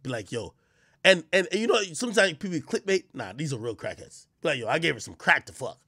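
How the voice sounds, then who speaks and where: A high-voiced man chats on a livestream, his pitch leaping all over as he laughs and yelps through crude stories. His tone is bright and tense, with a gravelly fry underneath, and the sound is dry and close. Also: sing-song, quick pace, no echo. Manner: loud, laughing, crude storytelling with sudden yelps. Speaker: streamer. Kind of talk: casual livestream chat.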